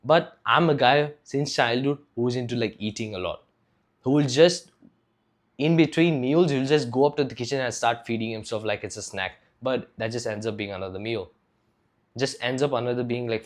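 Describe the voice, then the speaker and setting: Young man, from India, fitness vlogger, casual to-camera talk, rambling, swears a lot, average pitch. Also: moderate pace. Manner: rambling, loose and profane, many "like" fillers.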